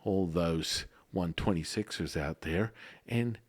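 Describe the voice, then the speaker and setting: A man's voice: deep voice, takes it slowly, breathy edge, dry recording. A man co-hosting a casual spiritual podcast, playful and given to jokey slang. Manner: playful, drifts into joking put-on slang. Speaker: podcast co-host and Taoist teacher.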